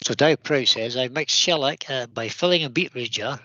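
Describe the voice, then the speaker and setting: A man's voice: medium pitch, normal speed, pushed and bright, dry recording, lo-fi sound. Jokey man co-hosting a stream. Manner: jokey, reads viewer comments. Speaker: co-host. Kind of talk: livestream chat.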